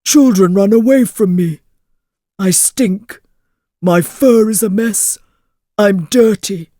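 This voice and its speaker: A man's voice: high voice, slow pace, warm tone, no echo, clean studio sound, voice pushed up. A man voicing a sad, hungry, neglected male camel who wails and cries over his lot in a storybook. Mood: self-pitying. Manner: tearful, wailing.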